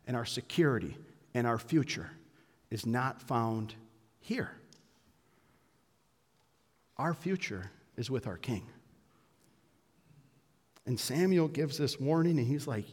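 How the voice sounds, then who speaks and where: A male pastor preaching a sermon and closing in prayer, earnest and emphatic, dropping to a hush and then building to loud declarations. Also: medium pitch, normal speed, long pauses. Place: church sanctuary. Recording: long hall reverb from a church room.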